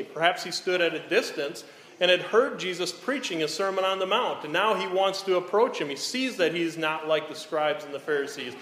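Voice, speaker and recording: A pastor preaching a sermon in an earnest way, often checking in with the listeners. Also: male voice, fairly high pitch, normal speed, a bit bright. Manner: earnest, repeats "okay?" to check in. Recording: echoey hall, faint room noise.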